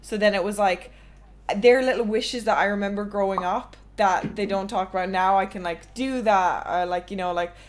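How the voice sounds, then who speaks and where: A woman's voice: mid-range voice, steady tone, normal speed. Candid young woman telling stories. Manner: candid, swearing, storytelling with laughs. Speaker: streamer, podcast host. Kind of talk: casual podcast chat.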